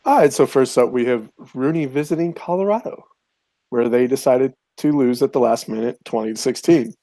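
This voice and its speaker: A man's voice: mid-range voice, fairly quick, mellow, no room sound. Man, podcast host, matter-of-fact, moves the talk along, dry close sound. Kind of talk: casual chat with scripted intro.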